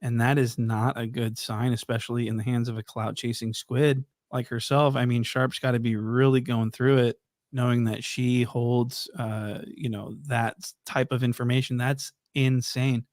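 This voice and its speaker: A man talks through clips in a casual, profane reaction-video commentary, building out his own theories as he goes. His voice sits at a middling pitch and sounds dry and close, with no room around it. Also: little pitch movement, normal speed, darkish tone, dry recording.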